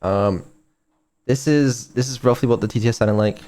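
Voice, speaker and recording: A man's voice: mid-range voice, moderate pace, mellow. A man streaming casually as a developer, hesitant and full of ums, with some casual swearing. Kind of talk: casual live-stream chat. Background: faint music.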